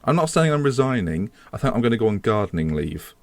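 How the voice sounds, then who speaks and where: A man's voice: lowish voice, big pitch swings, fast talker, no room sound. A man giving casual commentary on his football management game, chatty and self-mocking, swearing when things go wrong. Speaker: gaming video host.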